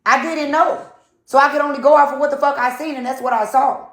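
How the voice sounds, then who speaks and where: A woman's voice: sits high, fairly even intonation, quick pace. A young woman in a heated casual argument, insistent and defensive, repeating her point and swearing. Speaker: partner in the argument. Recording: echoey room.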